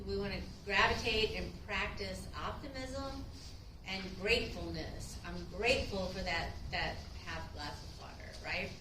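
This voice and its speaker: A woman's voice: fairly high pitch, roomy sound, far from the mic, background noise. A woman instructor giving a casual classroom lecture, chatty and acting out short quotes.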